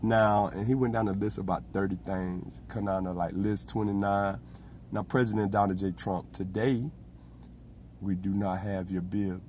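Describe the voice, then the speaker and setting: A man hosting a podcast alone, delivering a rambling comedic monologue in a profane, animated storytelling manner. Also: lowish voice, moderate pace, slight background noise. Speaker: host.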